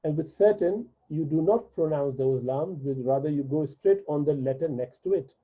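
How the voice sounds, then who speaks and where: A man whose first language is Urdu gives a patient beginner's lesson, repeating each word slowly so learners catch it. His voice sits a little high with a breathy, husky edge. The sound is thin and tinny, like a phone line. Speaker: Arabic teacher. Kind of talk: classroom lesson explanation.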